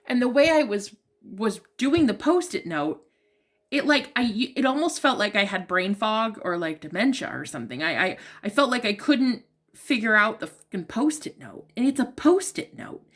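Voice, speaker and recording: A woman's voice: fairly high pitch, sing-song, normal speed, a bit bright. A woman giving a casual tarot reading to her viewers, talking straight to them in a chatty, emotionally open way with plenty of fillers. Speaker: tarot reader.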